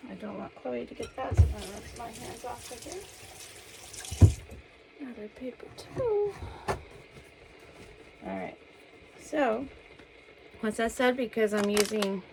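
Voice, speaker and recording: A woman's slightly high, creaky voice leads viewers through a casual cooking demo at home. She talks chattily to "guys," narrating as she goes and a little out of breath, in a noisy kitchen recording.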